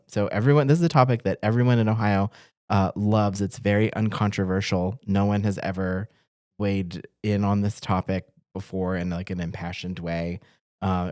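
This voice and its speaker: A man from Massachusetts talks through the week's stories in a casual rundown, cracking jokes and laughing between fillers. His voice is low, and the sound is close and dry. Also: a little mellow, clean tone, dry recording. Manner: joking, laughs often, many fillers. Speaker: newspaper reporter co-hosting a news rundown. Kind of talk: casual news rundown chat.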